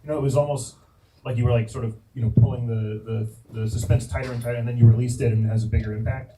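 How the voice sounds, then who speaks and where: A man's voice: mid-range voice, fairly even intonation, fast, far from the mic, heavy background noise. A man judging a comedy set, giving thoughtful, hesitant feedback full of fillers. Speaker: judge. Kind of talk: judge's feedback at comedy show. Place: comedy club.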